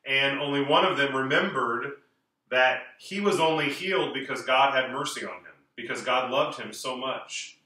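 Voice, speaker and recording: In the echo of a large church, a man's bright, medium-pitched voice carries from far off. The priest reads scripture and preaches a homily with careful clarity and slow, emphatic pauses.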